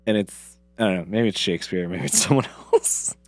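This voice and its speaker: A man's voice: sits low, fairly quick, dry recording, faint music behind. A man co-hosting a podcast in casual chat, opinionated and often laughing. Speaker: podcast co-host.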